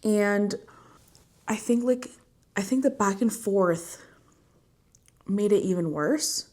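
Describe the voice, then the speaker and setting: A woman's voice: mid-range voice, slow, darkish tone. A young woman talking casually and playfully to her viewers as a book vlogger, with bursts of enthusiasm. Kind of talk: casual chat.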